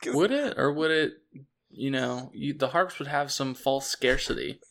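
A man playing a tabletop game, deadpan and teasing. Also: medium pitch, a little slow, creaky. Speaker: player. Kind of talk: casual tabletop game play.

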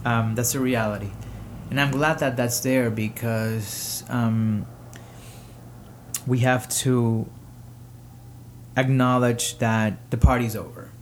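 A man hosting his own show, giving personal commentary with emotion, pausing often and rising to indignation. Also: mid-range voice, fairly even intonation, a little hiss or hum. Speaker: podcast host.

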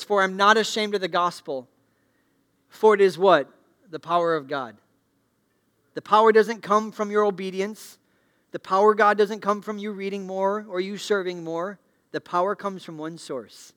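A middle-aged male pastor preaching a sermon in a church, asking the congregation questions and moving between loud declarations and hushed appeals. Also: high voice. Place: church sanctuary.

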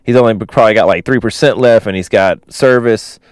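A man's voice: on the low side, fairly quick, no room sound, studio quality. A man casually retelling a film plot, rambling with many fillers and chuckling asides.

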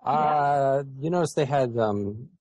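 A man co-hosting a casual podcast chat over a remote call, playful and teasing, now and then breaking into excited squeals. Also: medium pitch, slow. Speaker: podcast co-host. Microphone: remote call mic.

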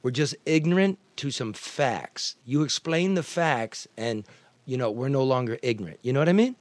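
A man from the US Midwest hosting a podcast, talking loudly and profanely, joking and restarting sentences a lot. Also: medium pitch, expressive, moderate pace, no echo. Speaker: podcast host. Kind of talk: casual chat.

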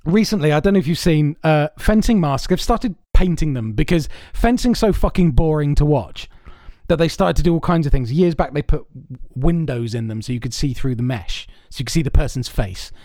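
A man's voice: on the high side, lively intonation, a little fast, few pauses, mellow, no room sound, clean studio sound. Sweary man telling rambling stories. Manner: rambling, sweary, self-amused storytelling. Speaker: podcast host. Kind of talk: casual chat.

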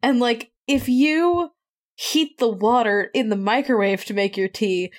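A woman's voice: a little high, measured pace. A woman from Canada co-hosting a podcast, chatting casually and riffing with frequent laughter. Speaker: podcast co-host. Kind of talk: casual chat.

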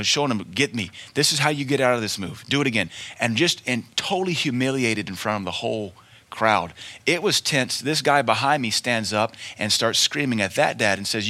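A man's voice: medium pitch, pushed and bright. A man preaching a sermon in an emphatic, folksy way, repeating his key lines and telling stories.

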